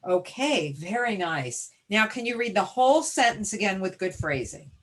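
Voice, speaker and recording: Leading a reading lesson on a video call, a woman teacher speaks at normal speed in an animated, mid-range voice. She gives encouraging, directive classroom-style prompts one step at a time, with slight background noise audible.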